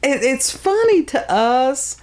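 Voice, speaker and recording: A woman's voice: high voice, sing-song, slow, darkish tone. A woman hosting a casual podcast chat, blunt and exasperated, often sighing and laughing. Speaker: podcast host.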